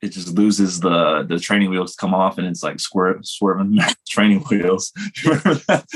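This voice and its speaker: A man's voice: low voice, slow pace, slight background noise. A man telling self-mocking stories in a casual chat, rambling and laughing at himself.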